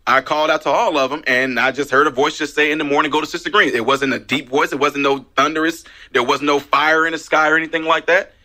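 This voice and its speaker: A man talking on the radio, a minister by calling, telling his story with lively emphasis and plenty of repeats. His voice sits a little high for a man and sounds bright and forceful. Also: quick pace, few pauses. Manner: animated storytelling, emphatic repetitions. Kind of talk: casual radio talk. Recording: radio broadcast.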